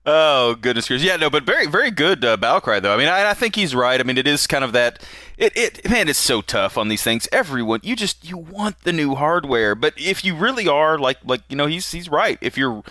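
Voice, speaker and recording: Bright, animated male podcast host. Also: a little high, fairly quick, dry recording, clean studio sound. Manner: easygoing, hedging, many fillers. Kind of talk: casual podcast chat.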